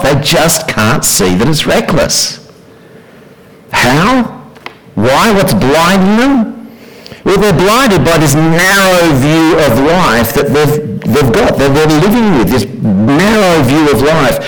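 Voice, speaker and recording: A preacher delivers a sermon at a middling pitch. He keeps it conversational and keeps turning to his listeners with questions. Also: fairly bright tone, low-quality recording. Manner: conversational, asks the congregation questions.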